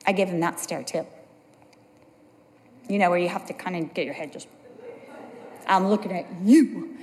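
A woman's voice: fairly low pitch, fairly quick, long reverb tail. A middle-aged woman preaching a sermon, telling stories with earnest conviction. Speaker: pastor's wife preaching.

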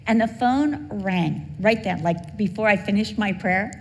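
Brief: middle-aged woman preacher, heartfelt storytelling, mid pitch, big room. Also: a little slow. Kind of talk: sermon with personal story. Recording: long hall reverb, faint background hum.

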